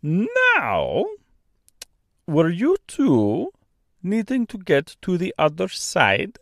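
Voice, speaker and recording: A man's voice: high voice, huge pitch swings, drawn-out words, a bit bright, dry recording, clean studio sound, pitched above the performer's own voice, heavily acted. A man voicing a huge, kind-hearted male stork with a thick accent that blends Austrian and French, in an audiobook reading. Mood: eager. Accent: mixed Austrian and French. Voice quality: thick, grand.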